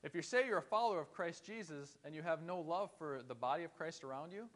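A man's voice: fairly high pitch, expressive, quick pace, fairly bright tone. A man preaching a sermon in a church, earnest and conversational, asking his listeners rhetorical questions. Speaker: pastor.

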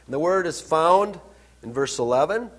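A male pastor preaching a sermon to his congregation, repeating words for emphasis, asking them questions and swinging between quiet asides and loud, emphatic lines. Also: on the high side, lively intonation, normal speed. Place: church service.

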